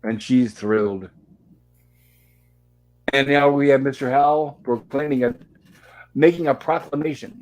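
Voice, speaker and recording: A man's voice: medium pitch, measured pace, pauses often, a little mellow. A man hosting a pop culture review show, casually retelling an old sitcom episode scene by scene. He is chatty, laughs easily and sometimes mixes up names.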